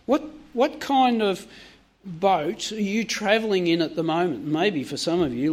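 Higher-voiced man preaching a sermon. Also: a little slow. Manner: asks the congregation many direct questions.

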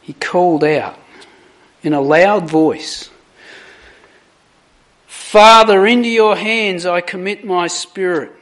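A man delivers a sermon at an unhurried, measured pace, his voice sitting somewhat high. He reads scripture with dramatic weight on the quoted speech, then turns to reflect on it for his listeners. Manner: slow, deliberate, dramatic emphasis on quoted lines. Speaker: preacher.

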